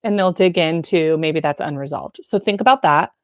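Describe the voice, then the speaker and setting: A woman birth nurse gives casual, to-camera advice in a slightly low voice. She talks frankly, with slang and encouragement. The sound is dry and close, with no room echo. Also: normal speed.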